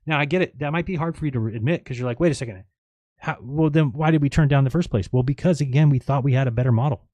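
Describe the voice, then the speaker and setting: A man's voice: medium pitch, quick pace, warm tone, dry recording. A man hosting a live stream in a casual, rambling monologue, sarcastic and mocking as he quotes others.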